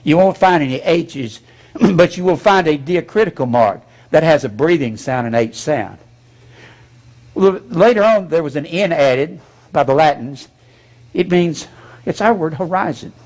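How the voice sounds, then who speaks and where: A man's voice: a little high, animated, unhurried, a little mellow. A man preaching a sermon as pastor, speaking bluntly and folksily with mocking asides.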